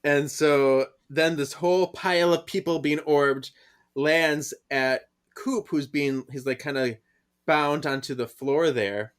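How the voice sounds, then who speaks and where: A man co-hosting a podcast in casual chat, animated and laughing often as he acts out lines from the story. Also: fairly high pitch, a little slow, clear, resonant tone. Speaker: podcast co-host.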